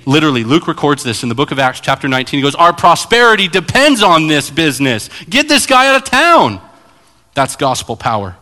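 A man preaching a sermon as pastor, animated and acting out Bible scenes. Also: medium pitch. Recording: long hall reverb.

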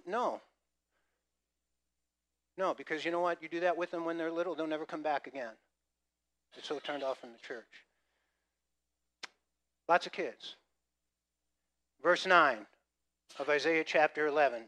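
Preaching at a normal pace with long pauses, this middle-aged pastor has a fairly bright, higher-leaning male voice. He fills his sermon with jokes and acted-out gasps while recounting comical episodes from his own life.

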